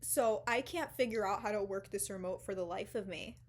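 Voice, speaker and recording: A young woman chatting straight to her viewers in a loose storytime vlog. She tells it dramatically, with bursts of swearing and sudden hushed whispers. Her voice sits at an ordinary middle pitch for a woman. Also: a little fast, a little hiss or hum. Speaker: vlogger.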